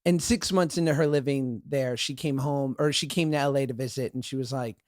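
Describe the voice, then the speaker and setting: A man's voice: mid-range voice, steady tone, fairly quick, a little mellow. A man guesting on a podcast, telling candid stories about his past in an offhand way. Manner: frank, offhand, lots of "like". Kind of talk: candid storytelling.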